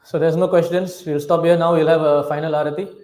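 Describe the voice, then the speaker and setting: A man's voice: on the high side, level tone, quick pace, darkish tone. A man giving a sermon, telling a scripture story with quoted dialogue and chanting Sanskrit verses. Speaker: preacher.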